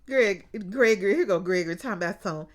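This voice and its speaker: Talking fast in a medium-pitched voice, a woman gives a casual, chatty rundown of a TV episode. She's animated, laughs often, drawls her exclamations, and keeps calling her listeners "baby" and "child" in colloquial style.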